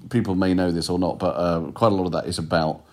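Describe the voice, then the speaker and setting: A man in casual conversation, telling long anecdotes in a lively, animated way. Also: low voice, fast talker. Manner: animated storytelling, quotes people in put-on voices. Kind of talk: casual chat.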